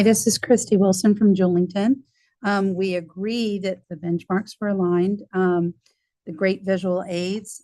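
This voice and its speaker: A woman's voice: lowish voice, dark tone, no room sound, low-quality recording. A woman representing a school, summing up her team's view in a businesslike way.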